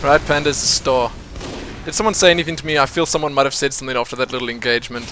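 A man casually commentating his own online shooter match, excitable and chatty, laughing often and calling out to teammates. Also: medium pitch, rapid-fire. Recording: noisy game audio under the voice.

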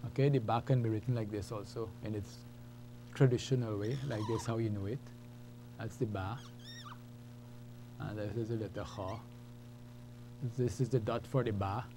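A man's voice: on the low side, steady tone, moderate pace, long pauses, background noise. A man teaching a beginners' lesson, patiently explaining and repeating each point step by step. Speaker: Arabic teacher. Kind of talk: classroom lesson.

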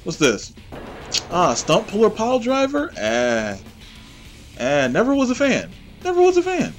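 A man hosting his own gameplay channel, giving excitable, trash-talking play-by-play commentary. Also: high voice, measured pace, faint music behind.

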